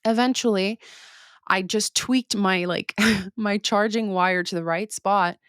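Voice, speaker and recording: A young woman hosting a podcast, telling a story in a casual, animated way, swearing freely and acting out her own reactions. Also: mid-range voice, takes it slowly, clean tone, no echo, clean studio sound. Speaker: podcast host.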